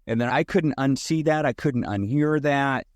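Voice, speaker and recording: A man guesting on a podcast, telling an animated anecdote in a conversational way. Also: mid-range voice, moderate pace, dry recording. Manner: animated anecdote teller who acts out both sides. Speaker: podcast guest, sales consultant. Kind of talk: conversational storytelling.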